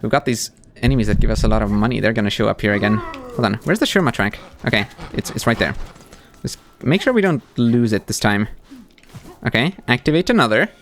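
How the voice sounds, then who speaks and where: A man's voice: fairly low pitch, brisk, a little hiss or hum. A man doing live gameplay commentary as a streamer, talking back to the game's characters. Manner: animated, talks to the game characters.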